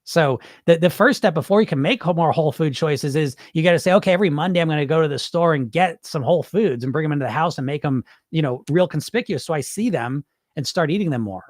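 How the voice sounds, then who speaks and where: A man's voice: fairly high pitch, expressive, fast, no echo, clean studio sound. A man hosting a weight loss podcast, talking casually and bluntly to his listeners, with the odd swear word and plenty of restarts. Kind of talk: casual live-stream talk.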